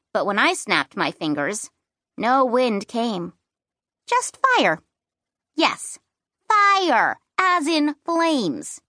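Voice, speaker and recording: A woman narrating a children's fantasy book in first person, with playful and expressive storytelling. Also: high-pitched, no room sound, clean studio sound. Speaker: audiobook narrator.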